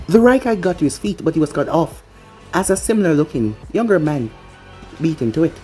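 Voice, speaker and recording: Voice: mid-range voice, sing-song, a little fast, warm tone, breathy edge, soft background music. A reader casually reading a fan fiction story aloud, stumbling over words now and then.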